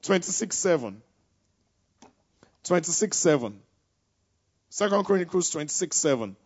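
A man preaching to students in a slightly high voice, caught on a dull, lo-fi recording. He keeps checking in with his listeners in a call-and-response style, and his volume swings from hushed asides to loud exclamations. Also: sing-song, a little slow, breathy edge. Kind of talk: sermon to students.

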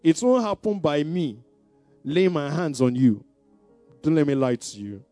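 A man's voice: a little high, animated, measured pace, mellow, dry recording. A man preaching a sermon, asking the congregation questions and building to emphatic declarations. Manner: call-and-response preaching, rising to emphatic declarations. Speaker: pastor. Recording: dry sound with faint music behind.

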